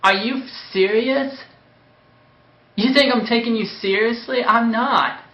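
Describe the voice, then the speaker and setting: A man's voice: extremely high pitch, slow pace. A man giving a taunting, dismissive commentary on a video. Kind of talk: mocking commentary. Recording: echoey, dull lo-fi recording.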